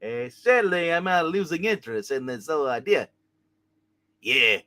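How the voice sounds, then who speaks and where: A man's voice: a little high, big pitch swings, moderate pace, bright, forceful tone. A man voicing a bumbling, gloomy male crook in a live comic reading, whiny and defeated. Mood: glum.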